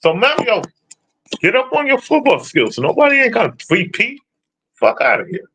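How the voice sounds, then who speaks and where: Animated profane man ranting about football. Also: very high voice, normal speed, a little hiss or hum. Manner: profane, blunt, trash-talking. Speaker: streamer answering chat. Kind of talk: casual sports rant.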